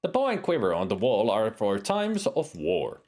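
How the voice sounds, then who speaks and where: A man's voice: fairly low pitch, wildly swooping pitch, normal speed, darkish tone. Joking man streaming a retro game. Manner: joking, self-mocking asides. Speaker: streamer playing a video game. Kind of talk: casual game commentary and reading game text.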